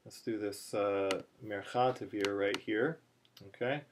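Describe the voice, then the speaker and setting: A man teaching a chanting lesson, talking slowly through many fillers and restarts, then breaking into short chanted phrases. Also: on the low side. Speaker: cantillation teacher. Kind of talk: chanting lesson, spoken explanation with chanted examples. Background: phone ringing in the background.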